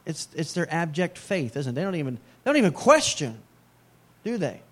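Middle-aged male pastor, a touch higher pitched, chatty sermon delivery with playful asides. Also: sing-song, moderate pace. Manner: conversational preaching with joking asides.

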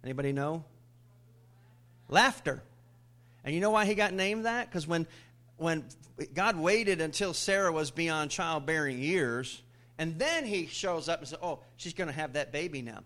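A man's voice: animated, moderate pace. Man preaching a sermon, tosses questions at the crowd, cracks little jokes. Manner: calls out questions to the congregation; jumps to much higher, louder pitch when voicing scripture characters. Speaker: pastor.

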